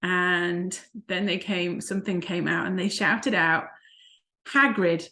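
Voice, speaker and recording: Speaking with a lowish, steady voice at a measured pace, she has a sharp tone. She's a life coach co-hosting a vlog, with an unplaced non-American accent, and she's a chatty storyteller who laughs a lot in casual conversation.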